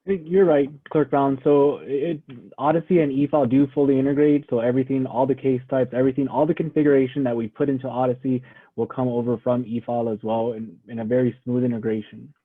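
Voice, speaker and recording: A man from the software vendor answering technical questions on a webinar, hesitant and full of ums. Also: mid-range voice, fairly even intonation, fast. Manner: hesitant, filler-heavy answers. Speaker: software company staff. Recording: tinny phone-like line.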